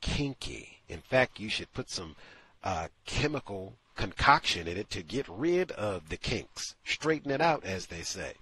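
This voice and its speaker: Guy hosting a call-in show, husky voice, swings his pitch all over, really emphatic. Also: very animated, unhurried, pushed and bright. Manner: emphatic, incredulous, acts out quotes. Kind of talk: opinionated radio monologue.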